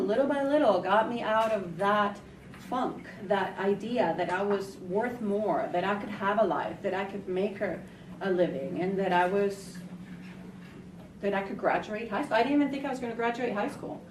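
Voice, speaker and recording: Woman from nyc on a panel, earnest, echoey far-off sound with clear noise. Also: medium pitch, normal speed. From New York City. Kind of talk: personal storytelling on a panel. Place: college hall. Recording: echoey, distant, noisy.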